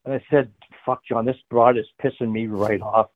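A man's voice: mid-range voice, fairly even intonation, normal speed, no room sound. An older man telling a profane hockey story, laughing often. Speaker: guest, former hockey player. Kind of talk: casual storytelling. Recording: dry tinny phone-like line.

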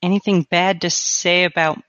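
A woman's voice: on the low side, flat delivery, normal speed, fairly bright tone, no room sound, lo-fi sound. A woman playing a tabletop game who describes her character's actions in a casual, conversational way. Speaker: player.

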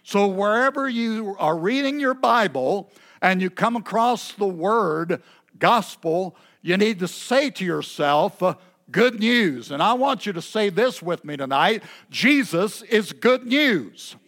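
Slow-speaking high-voiced male preacher. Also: expressive, fairly bright tone. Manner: unhurried, halting delivery with many filler pauses. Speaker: pastor. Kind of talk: sermon. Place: church service.

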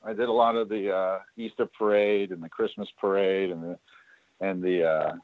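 A low, flat male voice moves at a moderate pace in a dry recording with a tinny, phone-like sound. The guest, who once worked at a studio, rambles through stories of those years in a casual interview, full of fillers and restarts.

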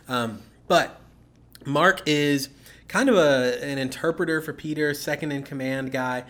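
A man's voice: a little high, unhurried, fairly bright tone. A man co-hosting a casual podcast, explaining scripture steadily and checking in with "okay?" as he goes. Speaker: podcast co-host. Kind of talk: casual Bible-teaching chat.

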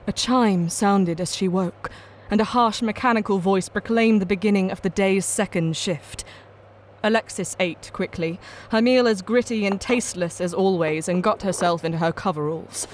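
A woman reading a dark science-fiction short story as scripted narration, measured and somber. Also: medium pitch, a little hiss or hum.

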